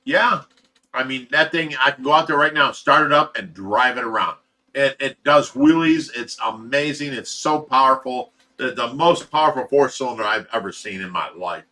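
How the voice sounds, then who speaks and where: A man's voice: medium pitch, normal speed, sharp tone. A middle-aged man hosting a casual livestream, laughing often and reading viewer comments aloud. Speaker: livestream host reading chat. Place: fish room at home.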